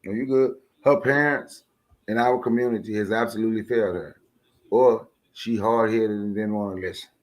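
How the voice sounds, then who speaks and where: A man's voice: on the low side, fairly even intonation, normal speed, a little mellow. Blunt man co-hosting a talk show. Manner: blunt and emphatic, rising when heated. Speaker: co-host. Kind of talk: casual radio talk.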